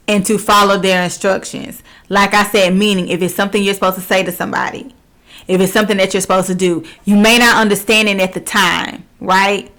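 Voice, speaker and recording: A woman's voice: medium pitch, fairly bright tone. A woman giving a spiritual lesson to her viewers, repeating her points and often checking in with "okay?". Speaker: spiritual teacher. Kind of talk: instructional talk.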